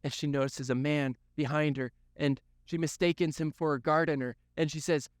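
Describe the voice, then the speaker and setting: A man's voice: on the high side, fairly even intonation, moderate pace, few pauses, no room sound, clean studio sound. A man giving a youth sermon, telling the story earnestly, with lots of repetition for emphasis. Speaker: youth pastor.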